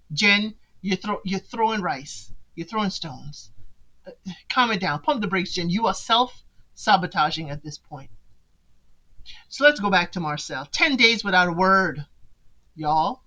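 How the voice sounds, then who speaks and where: Bright-voiced chatty woman podcast host. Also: medium pitch, animated, a little slow, rough recording. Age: adult parent of sons. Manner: chatty, talks straight to listeners as "y'all", teasing asides. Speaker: podcast host recapping a reality show. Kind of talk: casual commentary chat.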